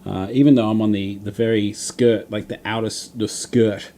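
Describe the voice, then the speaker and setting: Aussie bloke rambling on his stream, kinda low mellow voice, faint hum behind. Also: steady tone, normal speed. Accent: Australian. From Australia. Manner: rambling, many fillers and restarts. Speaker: livestream host. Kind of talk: casual chat reading viewer comments.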